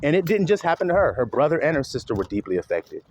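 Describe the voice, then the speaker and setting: A man's voice: fairly high pitch, sing-song, quick pace, a little mellow, lo-fi sound. A man delivering an impassioned spoken monologue, preachy and blunt, swearing freely and slipping into mocking sarcasm. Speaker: online commentator; father.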